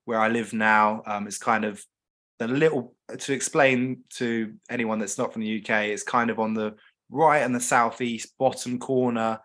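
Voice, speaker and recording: Guy, excited about football, keeps restarting his sentences. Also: medium pitch, moderate pace. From South London, England. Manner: enthusiastic, restarts a lot. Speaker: podcast guest, business owner. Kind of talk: casual chat.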